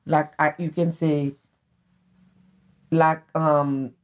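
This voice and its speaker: A woman's voice: sits low, flat delivery, very slow. A middle-aged woman from Haiti with a Haitian accent, whose first language is Haitian Creole. She speaks earnestly and heartfelt as a guest in a casual conversation, often repeating her phrases. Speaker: guest, host's mother.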